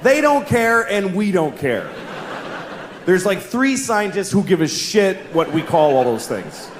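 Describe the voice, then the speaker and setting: A middle-aged man works a stand-up set with blunt, deadpan delivery. His voice sits high and leaps around as he acts out little voices. The live room is echoey, and crowd noise fills the background. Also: measured pace. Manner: blunt deadpan storytelling with animated voiced asides. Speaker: stand-up comedian. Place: live comedy stage with audience laughter. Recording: echoey live venue, noisy crowd ambience.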